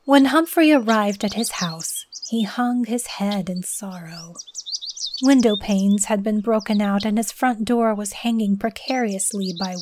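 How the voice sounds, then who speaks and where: A woman reading a scripted story aloud in an expressive, steady narration. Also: mid-range voice, background noise.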